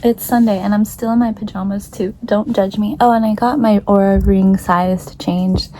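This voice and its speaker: A young woman chatting casually to her phone camera at home in a relaxed, self-deprecating vlog, with frequent apologetic asides. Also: medium pitch, moderate pace, a little hiss or hum, poor audio. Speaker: vlogger.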